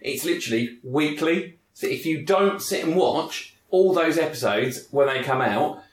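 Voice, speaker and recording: A man's voice: fairly high pitch, expressive, normal speed. A man co-hosting a casual podcast chat, rambling and emphatic, with many restarts. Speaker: podcast co-host. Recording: echoey room.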